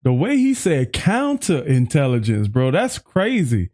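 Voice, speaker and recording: A man hosting a music reaction video, chatting excitedly, often restarting his sentences and quoting lyrics back. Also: medium pitch, a little slow. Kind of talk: casual reaction commentary.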